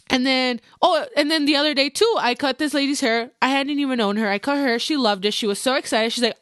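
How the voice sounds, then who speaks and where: A young woman hosting a podcast, chatting casually about her work as a hairstylist, animated and mixing in Spanish phrases. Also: high voice, fairly quick, hardly any pauses, no echo, studio quality. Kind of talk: casual chat.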